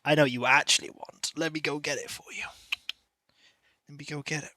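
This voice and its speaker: A man chats casually before a stream and coos softly at his cat between greetings to viewers. His voice sits a little high. It is close on the mic and dry, with no room sound. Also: fairly even intonation, fairly quick, no echo. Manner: chatty, coos and baby-talks to his cat. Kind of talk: casual pre-stream chat.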